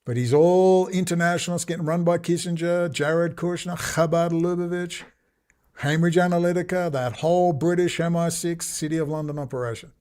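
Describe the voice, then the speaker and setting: A man's voice: fairly high pitch, fairly even intonation, normal speed, a little mellow. A man delivering a combative, emphatic political monologue that jumps from point to point. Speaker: political commentator. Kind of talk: ranting monologue.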